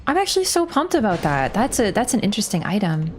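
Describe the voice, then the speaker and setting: Animated woman streaming a game. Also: medium pitch, fast talker, a little hiss or hum. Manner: excitable, shouts at the game and laughs often. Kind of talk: live game streaming commentary.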